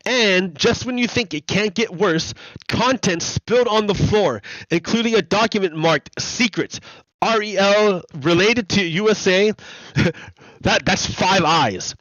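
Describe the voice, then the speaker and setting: An American man hosting a livestream offers casual, chatty commentary, laughing often and repeating his points. His voice is high, a little slow, and fairly bright, and the dry recording has a slightly dull lo-fi sound.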